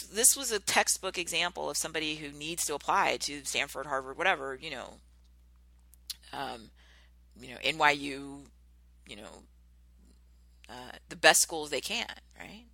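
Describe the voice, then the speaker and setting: A woman's voice: sits low, expressive, normal speed, gravelly, pushed and bright, no echo. A middle-aged woman hosting a podcast, talking earnestly in a rambling casual monologue full of fillers and restarts. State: tearing up, emotional. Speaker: podcast host.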